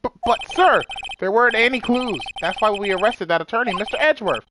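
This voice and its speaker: A woman's voice: fairly high pitch, lively intonation, a little fast, background noise, voice pushed up, close to an everyday voice. A woman voicing a nervous young male police recruit who stammers, with game music behind. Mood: timid.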